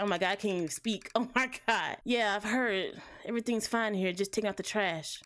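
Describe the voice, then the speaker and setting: A woman commenting on a horror game as she plays, chatty with viewers, jumping at scares and swearing loudly. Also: on the high side, lively intonation, normal speed, few pauses. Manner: jumpy, loud reactions, frequent swearing. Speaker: gaming streamer.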